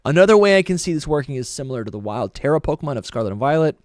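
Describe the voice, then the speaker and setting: A man's voice: on the high side, sing-song, rapid-fire, dry recording, clean studio sound. A man co-hosting a live podcast, reading out chat messages and rambling in a loose, self-correcting way.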